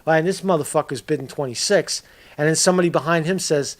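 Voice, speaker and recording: A man's voice: a little high, quick pace. A man giving a casual commentary video, ranting in a profane, rambling way and tagging lines with "right?". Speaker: political commentator.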